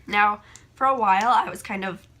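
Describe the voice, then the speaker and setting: A young woman with a hoarse voice from a cold, chatting casually and rambling as a beauty vlogger by a window. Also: mid-range voice, moderate pace, pushed and bright. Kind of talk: casual chat. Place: room by a window.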